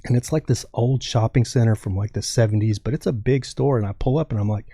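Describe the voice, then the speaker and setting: A man's voice: medium pitch, quick pace, dark tone, husky, dry recording, clean studio sound. A man from Texas telling a rambling story as a podcast guest, dropping "dude" often. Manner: rambling, says dude a lot. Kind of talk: casual storytelling.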